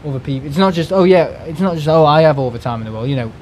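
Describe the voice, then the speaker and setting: A man's voice: fairly high pitch, lively intonation, rapid-fire, a little mellow, slight background noise. A man, chatting casually during a live stream, rambling and exasperated, restarting words and swearing freely. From United Kingdom. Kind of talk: casual ranting chat.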